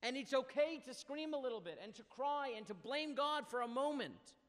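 A man with a high voice teaches a Bible class, reading Hebrew verses and translating each one. His delivery is impassioned and moves between hushed passages and loud ones. A long reverb trails behind his voice. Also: animated, normal speed. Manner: reads Hebrew verses, then translates them. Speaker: Torah teacher.

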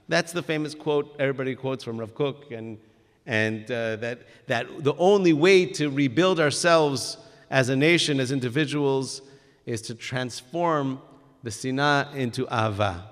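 A man's voice: mid-range voice, expressive, unhurried. A man giving a religious lesson, speaking earnestly and emphatically with frequent restarts. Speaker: religious teacher. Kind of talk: Torah lesson with stories. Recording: long hall reverb.

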